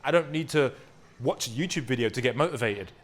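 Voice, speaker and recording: A man's voice: mid-range voice, lively intonation, fairly quick. A young man, a fitness coach, delivering an emphatic motivational course lesson and often checking in with "right?". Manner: earnest and emphatic, with frequent "right?" tag questions.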